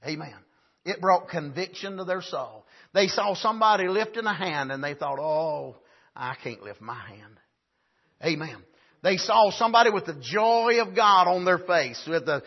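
Male camp-meeting preacher, raspy, rising to shouts. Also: high-pitched, highs cut off. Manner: frequent "amen", builds to shouts. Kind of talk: sermon.

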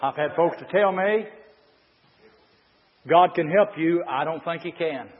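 A man preaching a fiery sermon, swinging from low murmurs to shouted climaxes and reading passages aloud to comment on them. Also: a little slow. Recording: reverberant hall, muffled lo-fi sound.

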